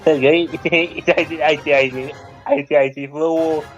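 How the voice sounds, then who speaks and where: A man with a slightly raised voice who teases and chuckles between short, quick remarks. The recording is a little dull and lo-fi, with faint music underneath. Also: fairly high pitch, level tone. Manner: teasing, chuckles often, short interjections. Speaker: podcast co-host. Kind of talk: casual reaction chat.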